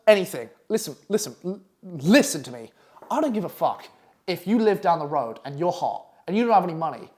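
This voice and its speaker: A man's voice: on the high side, a little mellow. A young man teaching copywriting in a blunt, crude, constantly swearing casual manner. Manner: crude, blunt and swearing constantly, acting out clients in quick asides. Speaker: copywriting coach. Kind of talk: profane casual masterclass talk.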